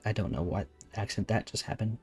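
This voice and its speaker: A man streaming a game, making soft, casual asides to viewers. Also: on the low side, expressive, brisk, husky, no echo, soft background music.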